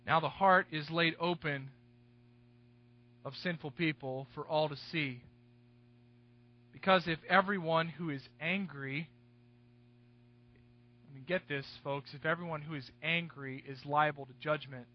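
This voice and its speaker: Emphatic high-voiced male preacher. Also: steady tone, measured pace, long pauses. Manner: emphatic, swinging between loud stresses and hushed asides. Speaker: pastor. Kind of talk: expository sermon. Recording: dull, dry, slightly lo-fi recording.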